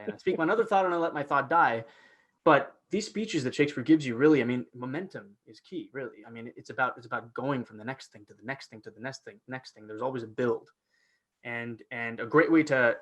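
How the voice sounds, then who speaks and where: A man, a guest actor, talking through his process in a casual teaching chat, animated and full of restarts and fillers over a video call. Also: medium pitch.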